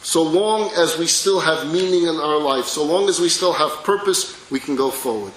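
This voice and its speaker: Animated male lecturer in an echoey hall. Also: fairly high pitch, normal speed. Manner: animated, dramatic storyteller, drops to soft intimate tones. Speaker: rabbi lecturer. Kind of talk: religious lecture with storytelling.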